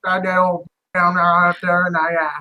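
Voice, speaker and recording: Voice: medium pitch, monotone, normal speed, crowd noise, lightly acted. Player putting on a Cajun swamp man, thick accent, mumbling ramble. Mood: rambling. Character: rambling Louisiana swamp man telling a gator story.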